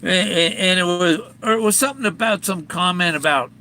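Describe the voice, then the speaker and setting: A man's voice: sits high, a little fast, pushed and bright, a little hiss or hum. An older man in a rambling, casual monologue, laughing often and restarting his sentences as he vlogs about a treasure hunt. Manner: rambling, with frequent chuckles and restarts. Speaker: treasure hunt author and vlogger.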